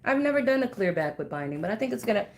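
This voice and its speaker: A woman's voice: medium pitch, big pitch swings, racing. Chatty woman sewing in an echoey room. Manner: chatty, laughs often, talks to chat by name. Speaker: bag maker live-streaming while sewing. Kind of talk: casual chat with viewers.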